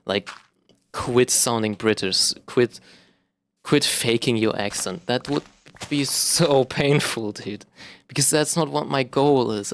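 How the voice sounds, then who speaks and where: A young man from Germany, speaking German as his first language, rambles through a casual vlog monologue. His voice sits a little low, and he hesitates often, restarting sentences and filling pauses with "uh" and "um". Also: fairly bright tone, a little hiss or hum. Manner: rambling, self-conscious, many fillers and restarts. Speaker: vlogger.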